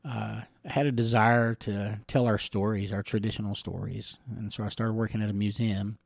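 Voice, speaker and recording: A middle-aged man from the Catawba Nation telling personal stories in an interview, rambling gently with chuckles and fillers. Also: fairly low pitch, steady tone, moderate pace, vocal fry, no room sound, clean studio sound. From Catawba Nation, Carolinas, USA.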